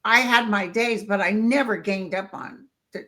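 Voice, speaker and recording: A woman guest telling stories in casual chat, lively and acting out the voices of people she quotes. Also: mid-range voice, normal speed. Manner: lively storyteller who acts out quoted voices.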